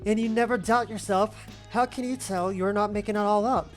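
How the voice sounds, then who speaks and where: A woman voicing an excitable young witch friend in game dialogue, gushing and eager with quick questions. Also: medium pitch, faint music behind, lightly acted. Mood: amazed. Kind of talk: reading game dialogue aloud.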